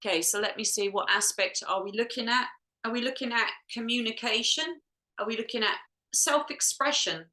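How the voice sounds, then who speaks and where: A woman leading a group healing session, musing softly and talking herself through each step, at times close to tears. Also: on the high side, brisk, echoey room, poor audio. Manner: soft, musing, talks to herself while checking. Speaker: energy healer.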